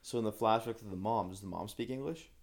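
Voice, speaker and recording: A man co-hosting a casual game review podcast, asking quick questions and giving blunt opinions. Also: lowish voice, a crowd in the background. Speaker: podcast co-host.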